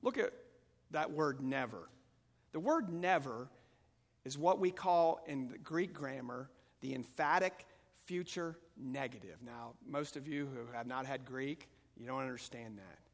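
A man preaching a sermon as pastor, moving between calm teaching and loud, fervent passages. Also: mid-range voice, measured pace. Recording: long hall reverb.

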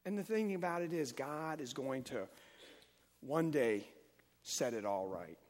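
A man preaching a Sunday-morning sermon, emphatic and rising and falling in loudness as he reads and explains scripture. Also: medium pitch, lively intonation, unhurried, in a large hall. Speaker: pastor.

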